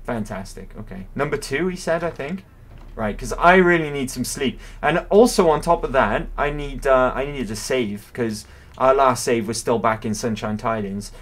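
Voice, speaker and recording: A man's voice: mid-range voice, normal speed. A man commentating his game live, musing aloud in a rambling, curious way. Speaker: game streamer. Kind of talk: livestream gameplay commentary.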